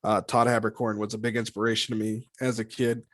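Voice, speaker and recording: A man being interviewed about his voice work, talking in a lively, animated way, laughing often and slipping into character voices. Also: lowish voice, fast talker, no echo, studio quality. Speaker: voice actor guest. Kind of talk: casual interview chat.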